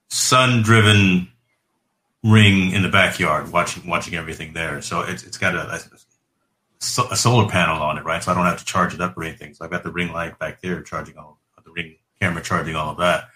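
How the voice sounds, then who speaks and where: Deep, bright-voiced man in an echoey room. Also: fairly quick. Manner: relaxed, conversational, restarts phrases. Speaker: podcast host. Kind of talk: casual tech chat.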